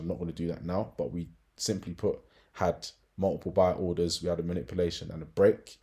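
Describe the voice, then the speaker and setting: A man's voice: low-pitched, a little mellow. A man giving a casual market analysis walkthrough as a trading educator, chatty, with frequent tag questions and fillers.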